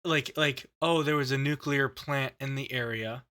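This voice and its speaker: Bright-voiced man on a podcast. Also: medium pitch, fairly even intonation. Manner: halting, filler-heavy, laughs often. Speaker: podcast host. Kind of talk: casual chat.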